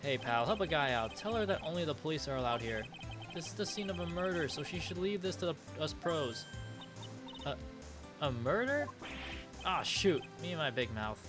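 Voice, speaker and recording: A bumbling blustery cop. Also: male voice, fairly high pitch, very animated, moderate pace. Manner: blustery, says "pal" a lot. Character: gruff, bumbling male police detective. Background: game music.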